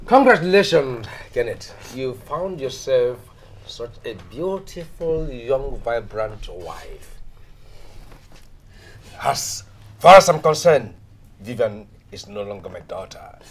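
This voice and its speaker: A man's voice: mid-range voice, very animated, slow pace, exaggerated voice, low-quality recording. A middle-aged man playing a stern father who coldly disowns his daughter. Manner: cold, commanding.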